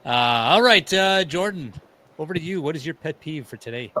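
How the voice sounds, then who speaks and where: A man's voice: fairly high pitch, lively intonation, fairly quick, pushed and bright, no echo. A man hosting a casual comedy podcast, chiming in with short remarks and passing the floor to others. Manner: short interjections, hands off the floor. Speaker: podcast host.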